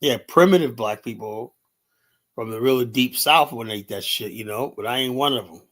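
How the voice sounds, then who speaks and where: A man hosting a loose, rambling livestream. He swears freely and fills his talk with "you know" and "man." His voice sits at an ordinary middle pitch. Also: moderate pace, fairly bright tone. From United States. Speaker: livestream host.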